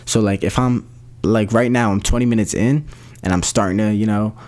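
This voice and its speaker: Young male podcast host, lower-pitched, casual and slangy, talks loosely with restarts. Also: steady tone, moderate pace, darkish tone. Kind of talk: solo podcast update.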